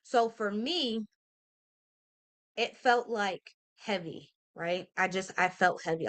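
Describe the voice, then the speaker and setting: A woman's voice: mid-range voice, takes it slowly, fairly bright tone. Earnest woman in her thirties, motivational vlog. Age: 30s. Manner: earnest, emphatic, addresses listeners directly with "y'all" and "okay?"; casual speech with slang and fillers. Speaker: motivational vlogger. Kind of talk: heartfelt motivational talk to camera.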